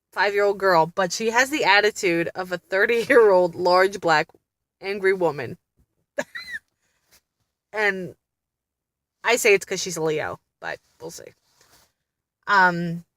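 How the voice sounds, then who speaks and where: In a dry recording, a woman with a medium pitch and fairly bright tone talks to camera about family therapy as a mother. The vlog chat is candid and casual; she comes across blunt and exasperated, often breaking into laughter.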